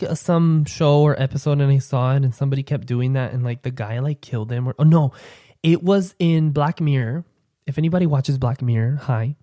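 In a casual solo podcast, a young host chats playfully with listeners, dropping campy asides and sinking into a low, quiet "sweetie." The recording is studio quality with no echo.

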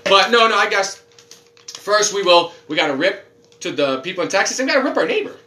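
A man hosting a casual podcast, loud, profane and joking, laughing often through his stories. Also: sits high, expressive, fairly quick, roomy sound. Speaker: podcast host.

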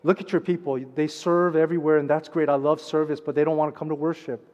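A pastor preaching a sermon, swinging between loud urgent passages and hushed quiet ones. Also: male voice, fairly high pitch, flat delivery, quick pace, muffled recording. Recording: long reverb of a large hall.

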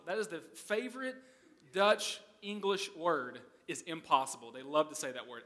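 A man's voice: fairly high pitch, lively intonation, moderate pace, bright, forceful tone. An American man preaching a sermon as pastor, telling stories in a chatty way and often checking in with the audience. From United States. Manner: conversational storytelling, keeps asking "okay?".

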